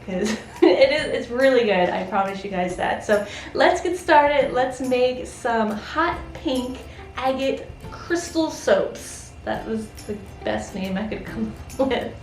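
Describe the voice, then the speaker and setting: A woman's voice: on the high side, darkish tone. A woman hosting a soap making video, chatting casually with frequent laughs while congested from a cold. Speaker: soap maker and channel host. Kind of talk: casual tutorial chat. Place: indoor crafting room at home. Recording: echoey room with music behind.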